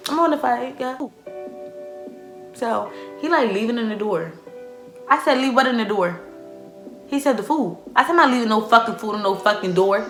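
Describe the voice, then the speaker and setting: A young woman telling a profane storytime, acting out quoted dialogue with loud outbursts. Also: fairly high pitch. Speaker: vlogger. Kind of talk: storytime vlog. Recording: echoey room with faint music.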